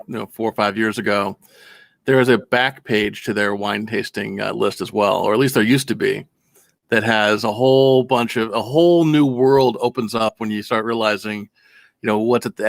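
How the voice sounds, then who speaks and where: A man co-hosting a casual chat, halting and searching for his words. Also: lowish voice, fairly even intonation, vocal fry, dry recording. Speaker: co-host.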